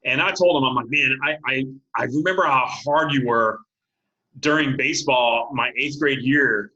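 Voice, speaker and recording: Man, late forties, football coach, animated storyteller, clear bright tone, casual interview. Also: medium pitch, normal speed, muffled recording. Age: late 40s. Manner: animated storyteller, acts out quotes, laughs often. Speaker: high school football coach, guest.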